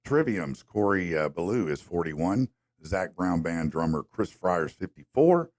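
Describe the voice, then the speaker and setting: Deep-voiced man hosting a morning show. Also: big pitch swings, darkish tone, dry recording, studio quality. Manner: upbeat, loose, drawn-out fillers. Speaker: radio show host. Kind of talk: casual morning show chat. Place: studio. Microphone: studio mic.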